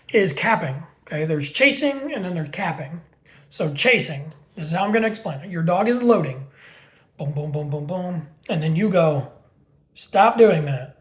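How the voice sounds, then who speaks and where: A man teaching dog training in a loose, unscripted way. He is blunt and swears without hesitation. He drives his points home by repeating words and reaching for homemade everyday comparisons. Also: high voice. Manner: blunt, swears freely, explains with homemade analogies. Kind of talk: casual teaching talk.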